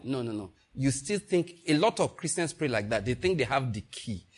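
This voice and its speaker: Husky-voiced man preaching a lively sermon. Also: mid-range voice, brisk, hardly any pauses. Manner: animated preaching, acting out little dialogues, often laughing. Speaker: pastor.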